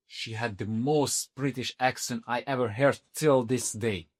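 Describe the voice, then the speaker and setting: A man of middle pitch telling his own story on a podcast. His delivery is animated and a little halting, with restarts mid-sentence and sudden jumps up in pitch when he acts out what people said. It sounds like casual talk. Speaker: podcast guest.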